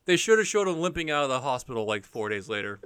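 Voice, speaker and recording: A man's voice: medium pitch, very animated, fast, a bit bright, smooth. A young man co-hosting a casual movie-review chat, blunt and profane, steering the conversation. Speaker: podcast co-host. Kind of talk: casual film discussion.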